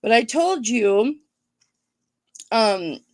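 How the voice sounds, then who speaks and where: A woman hosting a live online jewelry auction, chatting playfully with her viewers and thinking out loud. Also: fairly high pitch, lively intonation, extremely slow, no room sound. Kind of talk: casual live-stream auction patter.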